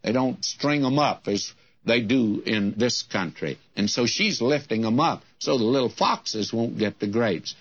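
An older man preaching a sermon in a slow, deliberate way, lifting his voice when he reads scripture. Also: medium pitch, lively intonation, breathy edge. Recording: dull lo-fi old sermon recording.

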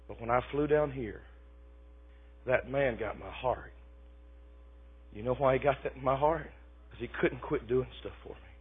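A man preaching a sermon, swinging between loud shouted bursts and quiet, low talk. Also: slightly rough. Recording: tinny phone-like sound.

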